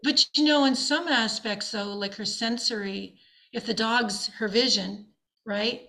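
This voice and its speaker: A woman from Canada talks as a guest on a casual podcast, telling her stories with eager animation. Her voice sits a bit high and carries a gravelly, creaky edge. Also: unhurried, pushed and bright, rough recording. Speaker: singer-songwriter guest. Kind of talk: casual interview chat.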